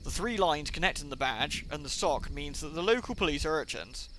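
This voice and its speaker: Sly, grumbling old wanderer in a game, voiced by a man; put-on accent, brightish tone. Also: fairly high pitch, lively intonation, fairly quick, slight background noise. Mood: explaining. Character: gruff male vagabond, old wanderer, sly.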